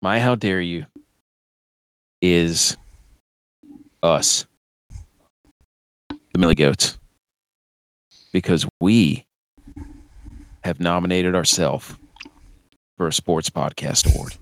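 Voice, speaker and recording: Man, lowish voice, dry close sound, casual joking sports podcast co-host. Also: extremely slow, long pauses, dry recording, poor audio. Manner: joking, laughing often. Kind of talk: casual chat.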